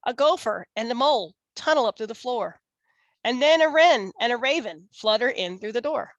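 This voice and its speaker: A woman reading a children's picture book aloud in a slow, expressive, sing-song way. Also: mid-range voice, no room sound. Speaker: storyteller.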